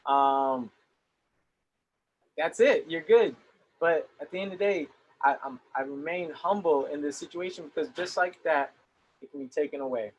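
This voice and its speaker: An earnest young man gives a motivational talk to a young audience. His voice sits fairly high, and he often repeats words as he starts a sentence. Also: moderate pace, dull audio. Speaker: motivational speaker.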